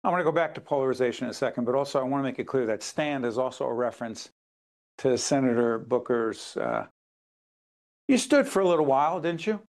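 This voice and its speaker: A man's voice: medium pitch, expressive, a little fast, a little mellow. A man hosting an interview, pressing his guest with pointed follow-up questions. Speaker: interview host.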